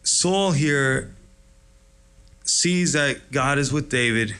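Bright-voiced enthusiastic male preacher. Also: medium pitch, drawn-out words, clear, resonant tone. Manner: enthusiastic, conversational, storytelling. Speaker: pastor. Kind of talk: sermon.

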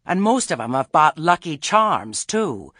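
A blunt, homely old witch with a dry sense of humor, voiced by a male narrator. Her voice sits a little above his usual one, husky, and lively in its rises and falls. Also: sits low, unhurried, dry recording, pitched above the performer's own voice, exaggerated voice. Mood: wry. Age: older. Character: shrewd, earthy old village witch woman.

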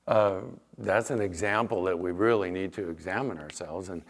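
A middle-aged man preaching a sermon as pastor, telling stories with lively acted-out quotes. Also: low voice, moderate pace. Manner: animated storytelling with acted-out quotes.

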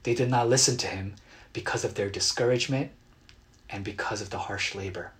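A man preaching a sermon as a pastor, earnest and dramatic, acting out quotes with bursts of loud emotion. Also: on the low side, brisk. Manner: earnest, dramatic retellings with sudden loud outbursts.

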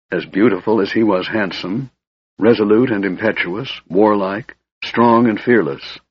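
A frail, sardonic young mage, put on by a man, speaks in a cold, hissing whisper with a husky edge. The voice sits low, and the dull, lo-fi recording is dry and close. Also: no room sound. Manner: cold, brooding, bitter.

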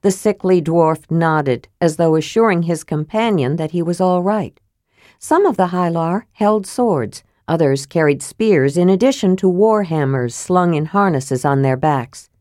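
Low, dark-voiced woman narrating. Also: no echo, studio quality. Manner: steady, measured reading. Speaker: audiobook narrator. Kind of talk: scripted fantasy narration.

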